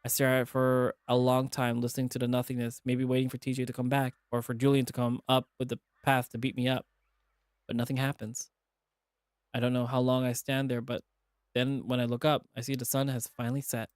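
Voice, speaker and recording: A man's voice: mid-range voice, fairly quick, clean tone, no room sound, clean studio sound. A man streaming as he reads a visual novel aloud and voices its characters in a dramatic way. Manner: dramatic reading, animated asides.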